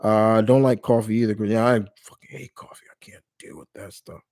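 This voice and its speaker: A man's voice: fairly low pitch, fairly even intonation, fairly quick, darkish tone. A man hosting a live stream Q&A in casual chat, rambling and often restarting or correcting himself mid-sentence. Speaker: live stream host answering viewer questions.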